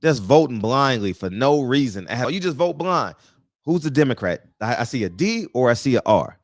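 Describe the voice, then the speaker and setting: A man's voice: mid-range voice, sing-song, moderate pace, dry recording, studio quality. A man hosting a casual talk show, speaking bluntly and profanely, often laughing at his own jokes. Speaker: podcast host.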